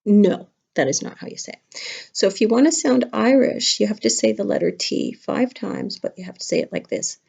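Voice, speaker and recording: Chatty teacher woman with a gravelly voice. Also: mid-range voice, expressive, moderate pace, darkish tone. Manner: chatty and playful, talking to young children. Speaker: kindergarten teacher. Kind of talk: casual craft lesson to camera. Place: home. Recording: dull lo-fi home video.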